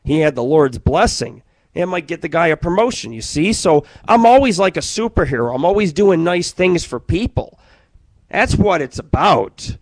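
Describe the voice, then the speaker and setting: A middle-aged man hosts his own radio show, spinning crude, profanity-laced stories that wander from one tangent to the next. His voice sits a little high for a man. The sound is close and dry, with no room echo. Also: very animated, moderate pace. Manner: profane, rambling storyteller. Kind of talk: crude comedic monologue.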